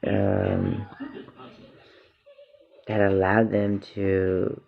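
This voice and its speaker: A man's voice: deep voice, very animated, extremely slow, creaky. A man giving an earnest, emotional spiritual reflection at home, repeating phrases for emphasis. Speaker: parent and vlogger. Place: home with children nearby. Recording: dull lo-fi recording.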